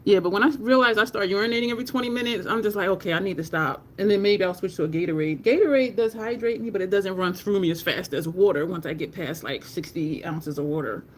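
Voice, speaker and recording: A woman's voice: mid-range voice, fast, hardly any pauses. Teary, candid woman chatting on a livestream. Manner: candid and chatty, swears casually, reads out chat names. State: teary, near crying. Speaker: makeup livestreamer. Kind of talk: casual livestream chat.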